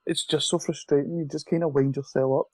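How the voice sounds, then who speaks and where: A man's voice: a little high, steady tone, fast, darkish tone, no echo, rough recording. A man hosting a podcast in casual chat, joking and teasing his co-host.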